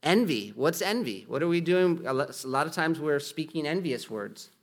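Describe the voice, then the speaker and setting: A man's voice: a little high, lively intonation, normal speed. A man preaching a sermon in an earnest, conversational way, asking the listeners rhetorical questions. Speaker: pastor.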